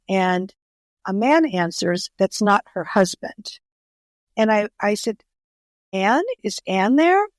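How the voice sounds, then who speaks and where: Middle-aged woman, podcast guest, animated storyteller, dry close recording. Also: medium pitch, dry recording. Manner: animated storyteller, acts out quoted voices. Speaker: guest author.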